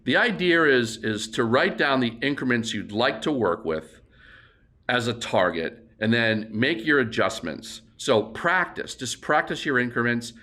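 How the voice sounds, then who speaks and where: Bright-voiced male auctioneer teaching. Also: medium pitch, big pitch swings. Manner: explains plainly, then breaks into rapid auction bid chants. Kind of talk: instructional demonstration.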